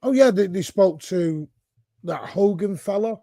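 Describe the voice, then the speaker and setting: A man's voice: sits high, animated, a little slow, mellow, dry recording, clean studio sound. A man chatting casually on a football stream, chiming in with short remarks. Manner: brief interjections. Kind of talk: casual chat.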